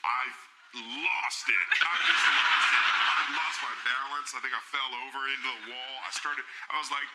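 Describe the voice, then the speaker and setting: A man's voice: medium pitch, moderate pace, very noisy. A man in his thirties, a talk show guest, telling a rambling, self-mocking anecdote in a TV studio.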